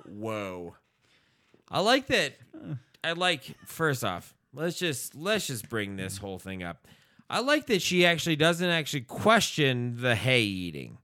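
A lively man co-hosting a comedy advice podcast, with a bright, forward voice and a swooping, expressive delivery. He riffs loosely, swears casually and drops into silly voices. The sound is dry and close to the mic. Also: medium pitch, a little slow, dry recording. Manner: riffing, acts out silly voices, swears, laughs often. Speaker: podcast co-host.

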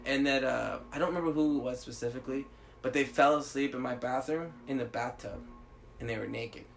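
A man's voice: medium pitch, fairly quick, creaky, a little hiss or hum. A man co-hosting a casual podcast, telling party stories loosely and swearing, acting out the people he quotes. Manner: animated, swearing, acts out quotes in other voices. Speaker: podcast co-host. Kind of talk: casual storytelling chat.

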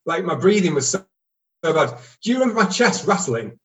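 A man's voice: high-pitched, big pitch swings, a little fast, a bit bright, recorded from a distance, poor audio. A man in his forties tells his own story in a casual, reflective way. He is candid and self-deprecating, and he stops and restarts as he talks. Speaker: guest telling his story.

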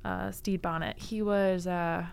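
A woman's voice: fairly low pitch, flat delivery, slow, gravelly, clean tone. A young woman casually telling a history story on a library podcast, laughing often and saying like and um a lot. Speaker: library staff guest presenting book picks.

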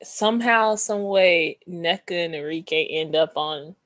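A woman's voice: on the low side, measured pace, fairly bright tone, dry recording. A young woman co-hosting a sports podcast, chatting casually in a teasing, emphatic way and repeating herself. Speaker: podcast co-host.

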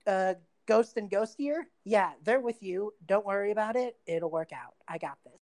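A woman player in a tabletop game, chatting quickly and narrating what her character does. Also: medium pitch, expressive, a little mellow.

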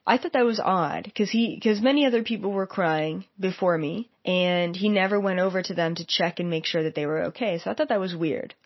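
Animated woman telling a story, lo-fi. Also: fairly low pitch, fairly quick, few pauses, no echo. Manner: animated, acts out the quoted lines. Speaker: psychic medium. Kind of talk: casual storytelling. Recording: dull, dry lo-fi recording.

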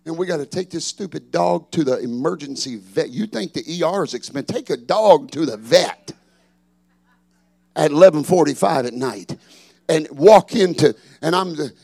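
High-voiced gravelly preacher shouting refrains. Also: male voice, animated, moderate pace. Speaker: pastor. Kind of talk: sermon.

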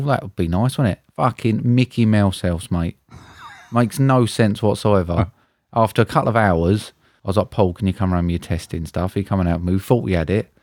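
A man's voice: low voice, no echo, clean studio sound. A man co-hosting a podcast, telling stories in casual banter and swearing freely. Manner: banter-heavy, swears freely, lively storytelling. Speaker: podcast co-host. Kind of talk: casual chat.

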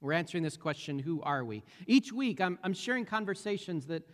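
A pastor preaches a sermon, telling his story in a halting way full of ums and restarts. His male voice sits a little high. A long reverb trails behind him in the hall. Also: expressive. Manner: storytelling with many fillers and restarts.

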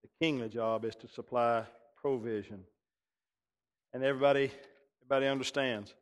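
A man, a pastor telling a story in a sermon and acting out the dialogue with lively shifts of voice. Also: mid-range voice, fairly quick. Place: church sanctuary. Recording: long reverb of a church hall.

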